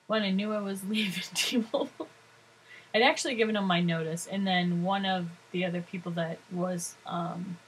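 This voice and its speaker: A middle-aged woman talks casually to her viewers. She rambles and chats freely and laughs often, in a somewhat low voice. A faint hum of room ambience sits behind her. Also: normal speed, rough recording. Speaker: vlogger.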